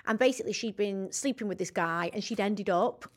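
A woman's voice: medium pitch, fairly quick. A woman co-hosting a podcast in casual chat, brash and laughing, swearing freely. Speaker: podcast co-host.

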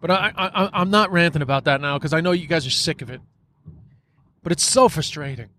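A man's voice: on the high side, fairly quick, bright, forceful tone, slight background noise. A man hosting a podcast, talking in a casual, frustrated monologue, swearing often and filling his speech with "like" and "you know.". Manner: frustrated, profane, many fillers.

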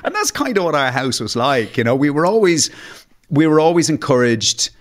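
A man's voice: fairly high pitch, very animated, moderate pace. A man, a podcast guest, telling comic anecdotes in a self-deprecating way, often stumbling and restarting his sentences. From Ireland. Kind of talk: anecdotal storytelling.

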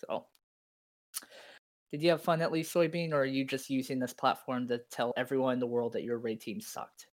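A young man co-hosting a podcast, telling animated stories and laughing a lot. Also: mid-range voice, fairly quick. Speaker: podcast co-host. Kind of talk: casual chat.

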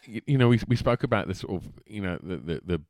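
A man's voice: low-pitched, animated, fast, darkish tone, a little hiss or hum. A podcast host from Essex chatting enthusiastically with a guest, often repeating words as he gets going. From Essex, England. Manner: enthusiastic, stammering repetitions. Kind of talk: casual interview chat.

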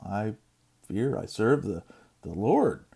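A man voicing a resigned prophet, speaking plainly and haltingly. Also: on the low side, big pitch swings, gravelly, dark tone, husky, exaggerated voice. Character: resigned male prophet confessing.

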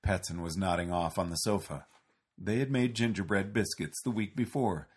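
Male storybook reader, deep, husky voice. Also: normal speed. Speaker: narrator. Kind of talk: storybook reading.

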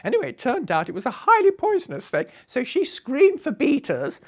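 An older woman from Britain recounting travel memories in a lively, humorous way. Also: high-pitched, brisk. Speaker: storyteller. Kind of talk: recounting a memoir.

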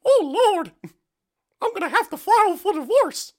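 Mickey Mouse, squeaky. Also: male voice, very animated, moderate pace. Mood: chirpy. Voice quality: high squeaky falsetto. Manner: chirpy, sing-song impression. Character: squeaky cheerful cartoon mouse, male. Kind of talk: comic impression on a podcast.

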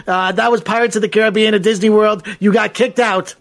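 A man's voice: sits high, fairly even intonation, brisk, gravelly, fairly bright tone. A man voicing an exasperated ex-husband, patiently correcting and setting things straight.

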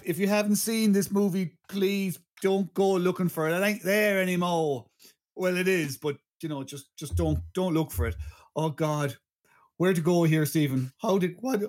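A man's voice: sits high, normal speed, a little mellow. A man co-hosting a podcast, rambling through a plot summary with frequent laughs and restarts. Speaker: podcast co-host. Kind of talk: casual chat.

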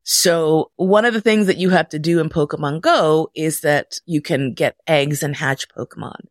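Animated woman telling a story. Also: normal speed, dry recording, studio quality. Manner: animated, profane, jumps into high voices for quotes. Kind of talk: casual personal storytelling.

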